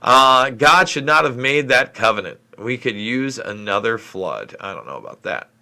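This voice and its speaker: A middle-aged man from New York State hosts a live question-and-answer stream. He answers viewer comments in a frustrated, rambling way. His voice is bright and forceful. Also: medium pitch, animated, normal speed. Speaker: livestream host. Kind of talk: live Q&A stream reading chat.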